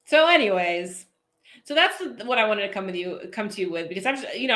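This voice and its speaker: A woman's voice: on the low side, a bit bright. A woman coaching viewers in a casual live-stream chat, chatty and goofy, laughing often and answering comments aloud. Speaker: posing coach hosting a live feed.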